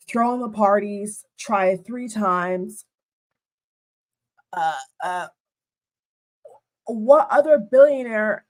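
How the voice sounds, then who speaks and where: A woman giving indignant reaction commentary, addressing her viewers as "guys" and repeating herself. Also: fairly high pitch. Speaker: commentary vlogger.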